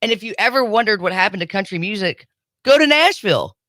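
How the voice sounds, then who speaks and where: Wry, sarcastic woman radio host, lively pitch, dry studio mic. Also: quick pace, dry recording. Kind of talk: casual morning radio banter. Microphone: studio microphone.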